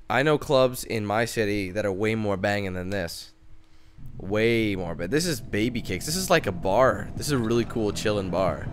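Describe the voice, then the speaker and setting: A man's voice: fairly low pitch, clean tone, no echo. A young man giving chatty, cursing commentary over his gameplay. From Canada. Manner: chatty, quick to curse and rant. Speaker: let's play gamer.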